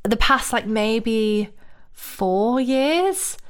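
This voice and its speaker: A woman's voice: on the high side, lively intonation, very slow, smooth. A woman in casual chat, telling stories bluntly and animatedly, swearing freely.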